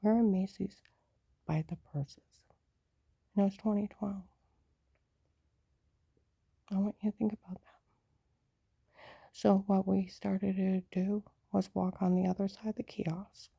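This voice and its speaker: Gravelly dark-voiced woman telling her story. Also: medium pitch, fairly even intonation, slow pace, long pauses, no room sound, highs cut off. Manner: rambling, often slips into a hushed whisper. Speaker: storyteller recounting her own life. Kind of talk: personal storytelling monologue.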